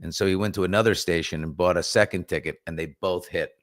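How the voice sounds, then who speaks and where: Lower-voiced New York man hosting a morning show. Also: fast, dry recording, studio quality. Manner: animated storyteller, reads viewer comments aloud. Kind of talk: casual storytelling chat.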